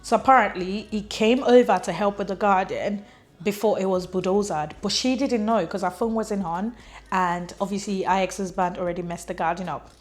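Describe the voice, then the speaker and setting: A woman's voice: medium pitch, normal speed. Woman, book reviewer, chatty casual recap, lots of "like", acts out the characters. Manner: chatty, fills speech with "like", acts out quotes.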